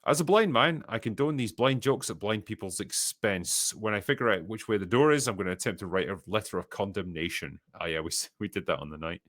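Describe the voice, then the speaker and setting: Reading out viewer messages on his casual podcast, a Scottish host fires back dry, sardonic, profane one-liners. His somewhat low voice is a bit bright, and he talks slightly fast with few pauses. The audio is dry, close to the mic and free of echo.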